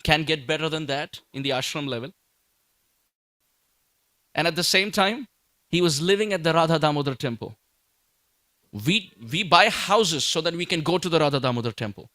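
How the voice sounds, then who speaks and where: A man's voice: fairly high pitch, animated, normal speed, long pauses, bright, forceful tone, no echo, studio quality. A man giving a sermon, building his points through rhetorical questions and emphatic repetition. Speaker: speaker at a devotional talk.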